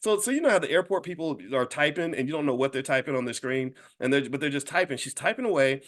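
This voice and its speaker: A man in his fifties telling a story casually to an audience, animated and speaking directly to his listeners. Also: a little high, fast. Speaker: speaker and wealth educator.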